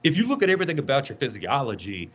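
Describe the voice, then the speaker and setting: A man's voice: medium pitch, wildly swooping pitch, racing, breathy edge. A man co-hosting a casual podcast, rambling through tangents and swearing freely. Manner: rambling, profane, tangent-prone. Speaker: podcast co-host. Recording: dull lo-fi audio.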